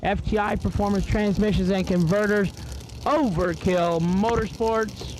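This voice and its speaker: A man's voice: sits high, steady tone, measured pace. A man announcing drag races, rattling off lanes and times with joking asides. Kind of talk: race-call commentary with joking asides. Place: drag strip. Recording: loud race-car noise behind. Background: cars and engines at the track.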